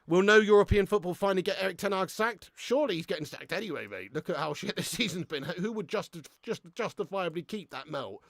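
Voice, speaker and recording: A young man hosting a live football watch-along, excitable and sweary, ranting and chatting with his viewers. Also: high-pitched, a little fast, gravelly, few pauses, dry recording, studio quality. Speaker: host of a fan watch-along stream.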